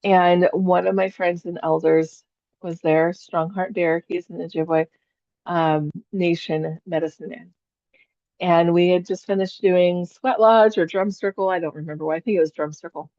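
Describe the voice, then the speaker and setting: A woman's voice: lowish voice, steady tone, normal speed, a little mellow, no room sound, lo-fi sound. A woman psychic teaching a spiritual class in a chatty storytelling way, laughing often.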